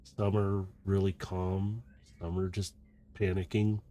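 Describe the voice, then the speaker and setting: Low voiced dude gm, talks slow, lots of restarts. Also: male voice, little pitch movement, dark tone. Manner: slow, descriptive, hesitant restarts. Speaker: game master. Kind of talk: narrating a tabletop game.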